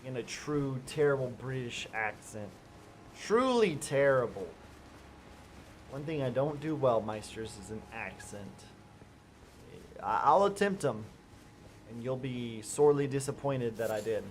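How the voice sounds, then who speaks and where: A man giving chatty live gameplay commentary as a streamer, talking straight to his viewers and breaking into excited outbursts. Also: mid-range voice, measured pace, pauses often, a little hiss or hum. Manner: chatty, addresses viewers directly. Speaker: gaming streamer.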